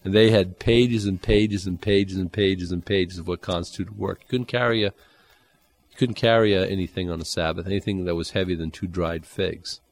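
A man preaching a Bible-teaching sermon, conversational and animated, with dry humor and sudden jumps in pitch. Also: moderate pace. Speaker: pastor.

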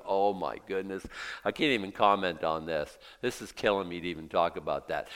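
A man preaching a sermon, reading scripture aloud and breaking into lively acted asides. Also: low voice, moderate pace, big-room sound. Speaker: pastor.

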